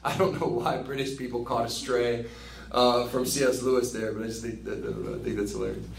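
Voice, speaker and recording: A man leading a casual book study, chatty and animated, laughing at his own jokes. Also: mid-range voice, brisk, vocal fry, a little hiss or hum. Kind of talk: casual teaching commentary. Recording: roomy with faint ambience.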